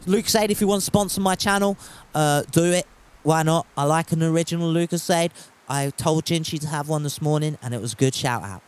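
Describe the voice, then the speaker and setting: A man's voice: on the high side, a little fast, a little hiss or hum. A man chatting casually while streaming a game from home, reading chat aloud and swearing freely.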